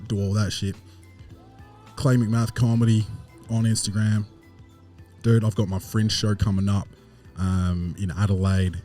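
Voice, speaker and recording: Deep-voiced man hosting a podcast. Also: dark tone. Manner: boastful, joking, swears freely. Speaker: podcast host. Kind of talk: casual podcast chat.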